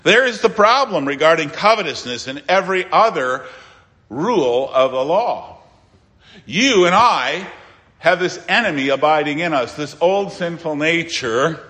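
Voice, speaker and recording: A man preaching a sermon as pastor, emphatic, with dramatic pauses and sudden quiet asides. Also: high voice, in a large hall.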